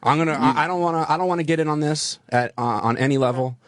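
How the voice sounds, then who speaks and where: A man's voice: fairly high pitch, quick pace. A man co-hosting a talk radio show, rambling and joking, tripping over his words. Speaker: radio co-host. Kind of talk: casual talk radio banter.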